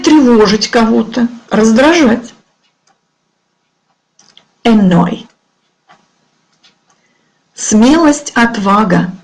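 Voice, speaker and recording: A middle-aged woman teacher with a Russian accent leads an online English lesson at an unhurried pace. Her fairly high voice swoops up and down as she drills each word. A gravelly fry creeps into her speech. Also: darkish tone, low-quality recording. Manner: slow, clear teacherly delivery, drawing out words for pupils to repeat.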